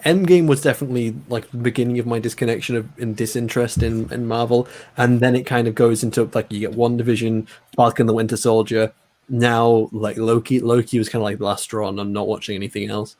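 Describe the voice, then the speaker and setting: A man's voice: medium pitch, flat delivery, fast, darkish tone. A man in casual stream chat, laid-back and full of fillers. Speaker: stream co-host.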